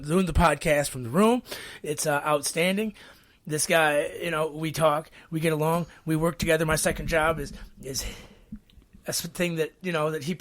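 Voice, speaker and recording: A man co-hosting a podcast in casual chat, excitable and stammering as he rambles. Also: a little high, no room sound. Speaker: podcast co-host.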